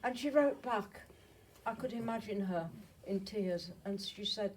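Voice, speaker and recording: A woman's voice: medium pitch, unhurried, recorded from a distance, rough recording. A woman in her eighties from Germany, a Holocaust survivor giving a slide talk to an audience, chatty and often checking in with her listeners, while nursing a cold. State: has a cold.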